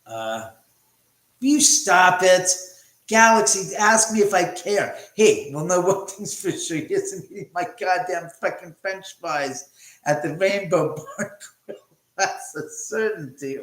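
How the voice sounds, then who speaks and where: A man's voice: sits high, expressive, slow pace, a bit bright. A middle-aged man hosting a casual livestream from his house, chatting and joking with viewers and cursing freely as he reads their comments. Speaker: livestream host. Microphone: phone. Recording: echoey room.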